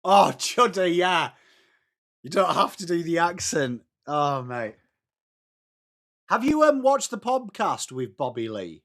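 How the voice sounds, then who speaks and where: A young Englishman hosts a live football watchalong, calling the action and chatting with viewers, mixing play calls with replies to the chat. His voice sits on the high side with a sing-song lilt and a fairly bright tone. He talks slowly and leaves long pauses.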